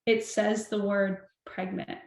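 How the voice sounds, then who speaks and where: A young woman telling a personal story as a podcast guest, animated and chatty, full of "like". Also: medium pitch, slow pace, gravelly. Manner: animated, chatty, heavy use of "like". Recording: roomy echo.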